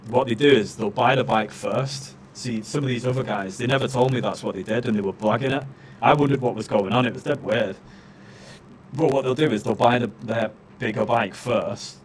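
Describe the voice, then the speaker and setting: A man rants on a live stream, his voice sitting at an ordinary middle pitch. He talks in loose, filler-heavy runs and swears freely. A faint hiss of noise sits behind him. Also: normal speed. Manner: swears a lot, ranting with many fillers. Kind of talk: casual chat.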